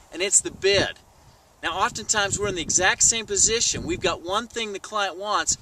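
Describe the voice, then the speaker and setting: A man telling a sales story to camera in a vlog, animated and acting out the people he quotes. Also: high-pitched, recorded from a distance, slight background noise, low-quality recording. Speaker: sales trainer. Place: outdoors.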